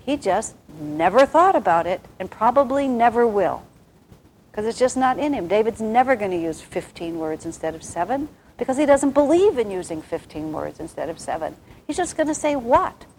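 A soft-spoken woman giving a reflective, rambling spiritual talk, with many restarts. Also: medium pitch, big pitch swings, moderate pace, a little hiss or hum, low-quality recording.

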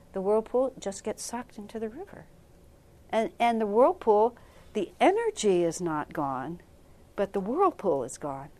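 Woman teaching meditation to a group. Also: mid-range voice. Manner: conversational, laughs often, animated storytelling. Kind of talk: informal spiritual class talk.

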